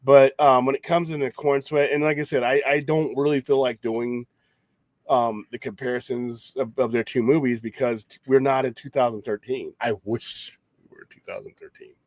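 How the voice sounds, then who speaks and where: A man's voice: mid-range voice, steady tone, normal speed, no echo. A man hosting a late-night geek talk show, rambling casually with strong opinions, frequent restarts and some swearing. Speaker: podcast host.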